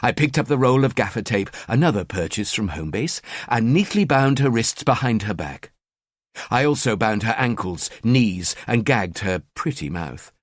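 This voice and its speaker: A man narrating a crime thriller audiobook in the first person, with a cold, measured delivery. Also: lowish voice, lively intonation, no echo, studio quality.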